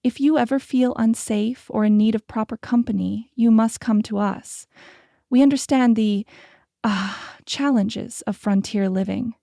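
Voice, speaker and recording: A woman's voice: a little high, a little slow, vocal fry, mellow, dry recording, studio quality. A woman voicing a prim, meddling middle-aged shopkeeper's wife who talks with false concern in an audiobook.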